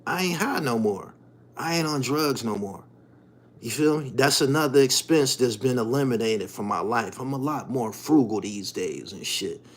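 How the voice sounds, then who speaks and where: Animated streetwise man ranting to viewers. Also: normal speed. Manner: emphatic, streetwise slang, swinging from low mutters to loud outbursts. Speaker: channel host. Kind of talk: animated profane monologue to viewers.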